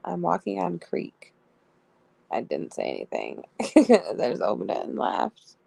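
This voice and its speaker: A young woman tells a live-stream audience about a text chat, reading both sides aloud and breaking into giggles. Her voice sits low and crackly with a mellow, darkish tone. The sound is dry and close. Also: huge pitch swings, takes it slowly, creaky, husky, dry recording. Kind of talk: casual live-stream storytelling.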